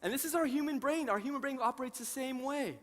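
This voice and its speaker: High, bright man co-presenting in a hall. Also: fast talker. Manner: playful, jokes and drives audience participation. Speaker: seminar co-presenter. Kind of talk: live seminar teaching. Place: conference hall before an audience. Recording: reverberant hall sound.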